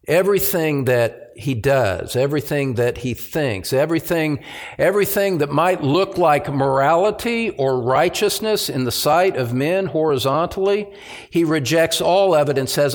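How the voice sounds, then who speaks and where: A pastor preaching a sermon, slow and emphatic, repeating key phrases for stress. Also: male voice, a little high.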